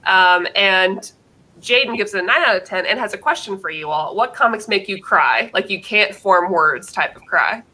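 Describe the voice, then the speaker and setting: A woman's voice: mid-range voice, expressive, moderate pace, pushed and bright, poor audio. A woman hosting a casual podcast, chatty and laughing easily, with lots of filler words. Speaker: podcast host reading listener scores. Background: dogs in the room.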